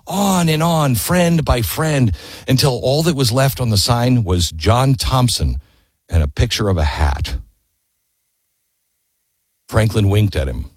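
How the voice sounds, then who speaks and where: Husky man telling history with emphasis. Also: medium pitch, expressive, measured pace, dry recording, studio quality. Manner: emphatic, asks rhetorical questions. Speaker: history storyteller. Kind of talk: impassioned history talk.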